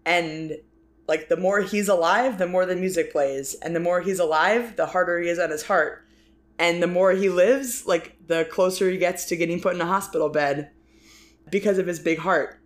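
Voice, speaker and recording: A woman co-hosting a casual film discussion podcast, talking in rambling bursts full of likes and restarts. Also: lowish voice. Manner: rambling, many fillers and restarts, quick bursts. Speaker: podcast co-host.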